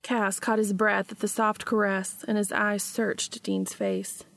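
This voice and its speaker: Gravelly-voiced woman reading fan fiction. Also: medium pitch, steady tone, a little slow, a bit bright, dry recording.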